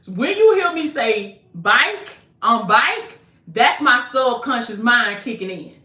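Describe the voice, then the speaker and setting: A woman's voice: fairly high pitch, sing-song, a little slow, sharp tone, echoey room. A woman with a Southern US accent, preaching prophetic declarations to her viewers, repeating lines and calling them baby. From American South. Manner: repetitive, calls listeners baby, decrees in Jesus' name. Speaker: motivational preacher and coach. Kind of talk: prophetic declarations and livestream pitch.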